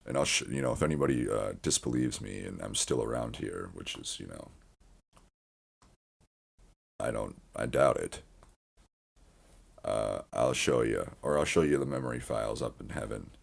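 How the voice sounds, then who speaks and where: A man's voice: very deep voice, normal speed, creaky, pauses often, husky. A man hosting a podcast, talking in a meandering casual monologue full of restarts and swearing. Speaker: podcast host.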